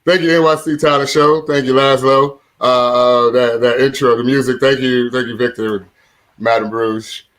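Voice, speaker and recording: Middle-aged male stand-up comic, deep voice, chuckles at his own punchlines, lots of "uh". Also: fairly even intonation, normal speed, a bit bright. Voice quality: deep voice, often compared to Mufasa. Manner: chuckles at his own jokes, many "uh" fillers. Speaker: stand-up comedian. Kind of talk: stand-up comedy set. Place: seated in a room at home.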